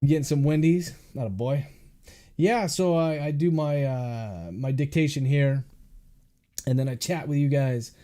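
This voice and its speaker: A man at a studio microphone dictates his novel line by line, calling out each comma and period. Between chapters he drops into relaxed, joking chat with his viewers. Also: fairly high pitch, a little slow. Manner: speaks punctuation aloud, chatty and joking between chapters.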